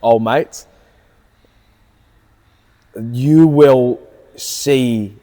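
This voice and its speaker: A man's voice: medium pitch, drawn-out words, warm tone, in a large hall. A man, co-hosting a casual chat, telling stories earnestly and with animation. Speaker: podcast co-host, car salesman.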